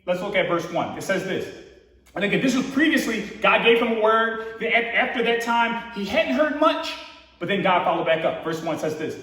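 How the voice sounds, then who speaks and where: A man preaching a casual, conversational sermon in a church, relaxed and slangy, acting out quotes with rising emphasis. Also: high-pitched, moderate pace. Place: church hall. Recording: echoey hall from far off.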